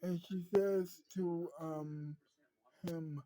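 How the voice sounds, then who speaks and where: Brief: male storyteller, slow and hesitant, mellow dry voice. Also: high voice, fairly even intonation, no room sound, low-quality recording. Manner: halting, many ums and restarts. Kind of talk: improvised spoken story.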